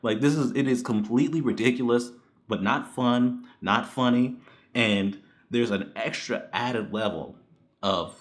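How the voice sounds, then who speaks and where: A man giving a casual spoken movie review, blunt and profane, ranting in exasperation with frequent laughs. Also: mid-range voice.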